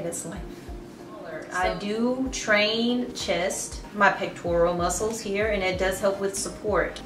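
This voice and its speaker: Chatty woman vlogger, low, roomy. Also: far from the mic. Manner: chatty, restarts sentences often. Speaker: fitness vlogger. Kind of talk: casual to-camera vlog. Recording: roomy sound from off-mic with light music.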